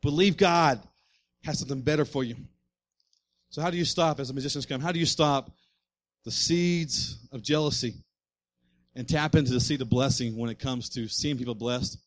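A man's voice: mid-range voice, normal speed, pauses often. A man, a pastor, preaching a sermon with rising fervor and repeated refrains.

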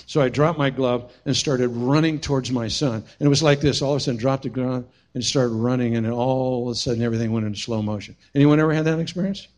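A middle-aged male pastor preaches a sermon, telling a personal story and swinging from hushed tones to shouting. His voice is medium-pitched and fast, with hardly any pauses.

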